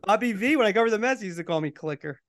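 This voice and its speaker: A man's voice: high voice, lively intonation, rapid-fire, dry recording, clean studio sound. A middle-aged man co-hosting a podcast in casual chat, telling stories and laughing easily. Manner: chatty, storytelling, laughs easily. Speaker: podcast co-host.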